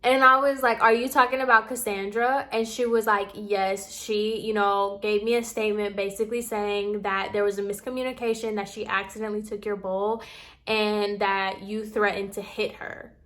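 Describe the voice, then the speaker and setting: A young woman vlogger telling a storytime in a casual, animated, exasperated way, acting out what others said. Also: medium pitch, moderate pace. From Puerto Rican heritage.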